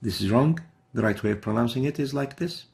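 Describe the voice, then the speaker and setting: A man's voice: mid-range voice, brisk, vocal fry, darkish tone. A man teaching a recorded recitation lesson, explaining each pronunciation mistake step by step and then sounding out the Arabic letters himself.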